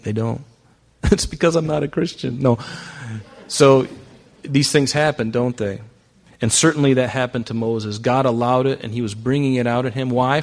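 Preaching in a conversational style, a male pastor keeps posing rhetorical questions to his congregation. His voice has a medium pitch.

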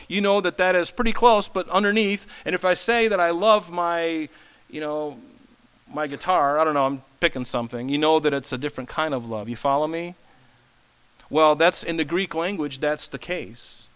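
A man's voice: on the high side, fairly bright tone, clear, resonant tone, low-quality recording. A man preaching a sermon, explaining in a conversational way with asides to his listeners. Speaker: pastor.

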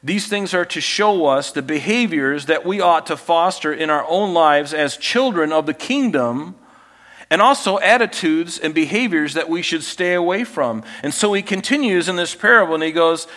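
A man's voice: sits high, animated, moderate pace, sharp tone, in a large hall. A man pastor preaching a sermon, reading scripture aloud and teaching with folksy asides and self-corrections.

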